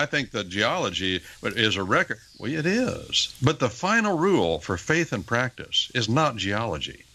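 A man's voice: on the low side, no room sound, low-quality recording. An older man talking on the radio, lecturing about the Bible in an emphatic, teacherly way. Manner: emphatic, lecturing, animated with rising stresses. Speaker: radio talk show guest teaching on the Bible. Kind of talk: on-air Bible teaching talk.

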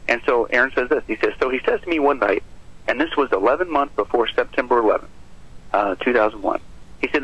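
Husky pastor man warning urgently. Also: medium pitch, fast talker, fairly bright tone. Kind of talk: preaching on prophecy in a radio talk. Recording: muffled lo-fi broadcast audio.

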